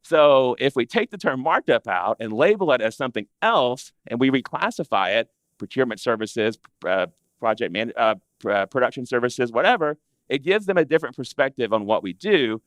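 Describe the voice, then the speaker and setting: A man presenting to an audience of interior designers in a chatty, animated way, acting out what clients say. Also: medium pitch, brisk, no echo. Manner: animated, conversational, acts out clients' complaints. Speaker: interior design business educator. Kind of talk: live presentation to a seated audience.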